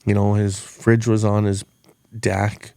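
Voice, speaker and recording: Male host, low gravelly voice, earnest storyteller, dry close sound. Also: level tone, slow, mellow, dry recording. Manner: earnest, repeats words as he restarts. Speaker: podcast host. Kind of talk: reflective storytelling chat.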